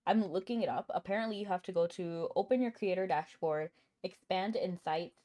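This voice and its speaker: A woman's voice: lowish voice, brisk, few pauses, dark tone. A woman live-streaming a game, chatting casually and answering her chat, with a cough now and then.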